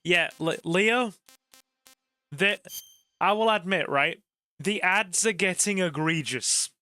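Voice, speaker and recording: A man chatting casually to viewers while streaming a game, rambling warmly and bursting into excited cheers. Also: high-pitched, slow, no echo, clean studio sound. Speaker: gaming streamer. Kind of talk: casual live-stream chat over gameplay.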